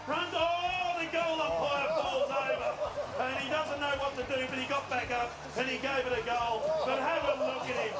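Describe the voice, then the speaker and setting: A breathless Australian man talks with a high, excited voice, laughing and exclaiming over the clips. The studio sounds roomy and echoey, and music plays behind him. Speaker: panelist presenting footage segment. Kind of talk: casual studio banter.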